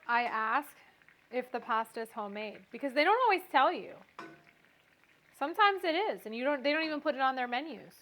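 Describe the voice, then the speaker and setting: Woman, cooking vlog host, bubbly and chatty, bright tone, clip-on mic. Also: high voice. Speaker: home cook host.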